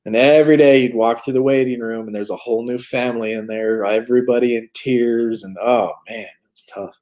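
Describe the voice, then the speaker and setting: A man's voice: medium pitch, fairly even intonation, brisk, a little mellow. A man in his forties hosting a recovery livestream, talking candidly and joking in casual chat. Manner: candid, joking, plain-spoken.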